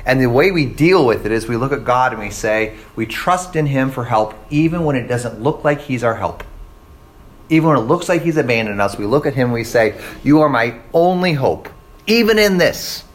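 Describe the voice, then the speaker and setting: A man's voice: mid-range voice, expressive, a little fast. A man preaching a sermon in a conversational way, often checking in with listeners and acting out the voices of the people he quotes. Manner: checks in with "right?" and "okay?". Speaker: pastor.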